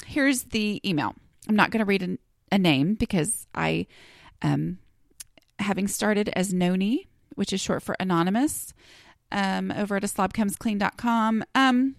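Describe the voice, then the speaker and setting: A woman's voice: mid-range voice, a bit bright. A woman talks through her own podcast in an easygoing, rambling way, scattering fillers and poking fun at herself. Her voice sits in a middling range. The sound is close and dry, with no room echo. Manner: chatty, rambling, self-deprecating with many fillers. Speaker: podcast host. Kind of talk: casual solo podcast talk.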